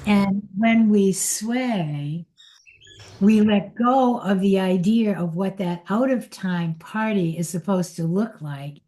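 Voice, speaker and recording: An older woman giving an inspirational spiritual talk in a gentle, unhurried and reflective way. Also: medium pitch. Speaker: spiritual teacher.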